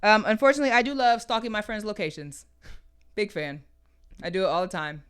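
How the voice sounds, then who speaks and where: A woman's voice: medium pitch, a little fast, clear, resonant tone. A woman co-hosting a podcast in casual chat, playful and teasing, laughing often. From Kansas City, Missouri. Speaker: podcast co-host.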